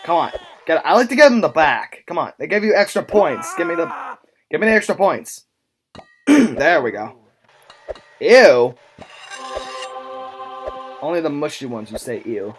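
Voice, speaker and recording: A male YouTuber giving casual, rambling gameplay commentary, excitable and quick to laugh. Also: fairly high pitch, soft background music. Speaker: YouTube gamer.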